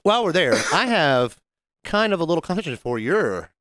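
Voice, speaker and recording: A man's voice: fairly high pitch, big pitch swings, brisk, fairly bright tone, no echo. A man co-hosting a podcast, joking with crude one-liners in casual banter. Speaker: podcast co-host.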